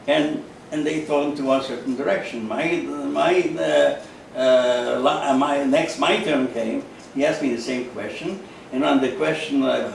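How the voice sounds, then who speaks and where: A man, giving a halting personal testimony in an interview, full of fillers and repeats. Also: mid-range voice, vocal fry, a little hiss or hum. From Carpatho-Ruthenia, Eastern Europe. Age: 90s. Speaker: interview guest, Holocaust survivor. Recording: echoey room, mic at a distance.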